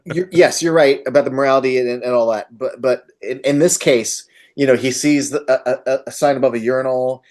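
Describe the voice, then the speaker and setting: A man on a podcast, casually discussing a horror film with animated energy and loose swearing. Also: mid-range voice, fairly quick, few pauses. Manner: animated, swearing, quotes scenes in voices. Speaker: podcast host.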